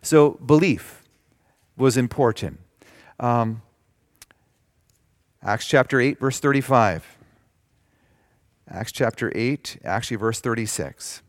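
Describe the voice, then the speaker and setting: A man preaching a sermon, reading scripture slowly with emphasis and explaining it in simple terms. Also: medium pitch, no room sound, studio quality. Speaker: pastor.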